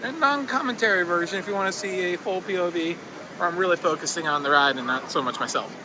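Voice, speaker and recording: A man from the northeastern United States vlogging outdoors at a theme park, excitable and whooping through a water ride. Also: high voice, fast. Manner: excitable, squeals and whoops on rides. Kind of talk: casual ride commentary. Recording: noisy outdoor park recording.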